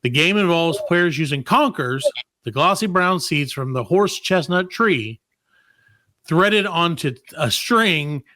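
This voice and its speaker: A man's voice: fairly high pitch, lively intonation, takes it slowly, pushed and bright, no room sound. A man hosting a comedy podcast, joking loosely and reading tech news aloud in casual chat. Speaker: podcast host.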